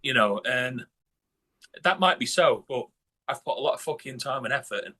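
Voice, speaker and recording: A man's voice: mid-range voice, animated, moderate pace, bright, forceful tone. A man from northern England talking bluntly in a casual interview, swearing a lot and restarting his sentences. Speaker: guest musician.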